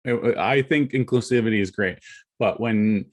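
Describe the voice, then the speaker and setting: A man's voice: lowish voice, moderate pace. A man co-hosting a casual podcast chat, offhand and dismissive. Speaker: podcast co-host.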